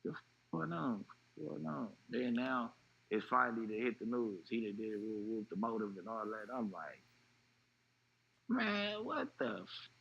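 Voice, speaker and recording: A man telling a personal story in an interview, animated and acting out what others said. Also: lowish voice, normal speed, vocal fry, breathy edge, dull audio. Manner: animated retelling, acting out quoted voices. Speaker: interview guest.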